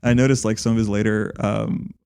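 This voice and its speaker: Gravelly-voiced man chatting on a podcast. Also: on the low side, flat delivery, fairly quick, darkish tone. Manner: rambling, with many "like" fillers and restarts. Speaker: podcast co-host. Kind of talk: casual podcast conversation.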